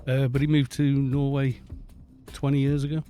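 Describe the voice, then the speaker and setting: Welsh male streamer, warm mellow tone, rambling casual chat at a desk mic. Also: medium pitch, flat delivery, moderate pace, faint music behind. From Wales. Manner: rambling, chatty, reads chat aloud and greets viewers. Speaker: game streamer. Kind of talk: casual live-stream chat while playing.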